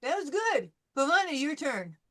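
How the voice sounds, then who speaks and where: A woman with a slightly high voice leads a language class through pronunciation drills. She sounds each syllable out slowly, says it again, and answers every attempt with patient encouragement. She turns from student to student by name. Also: big pitch swings, pushed and bright. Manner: models sounds slowly and repeats them. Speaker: French teacher.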